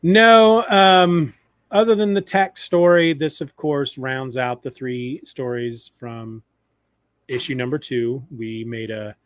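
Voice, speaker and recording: A man co-hosting a podcast, retelling comic stories in a lively, animated way. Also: medium pitch, slow, no room sound, studio quality. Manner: animated retelling, acting out quoted lines. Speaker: podcast co-host. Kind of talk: casual chat about comics.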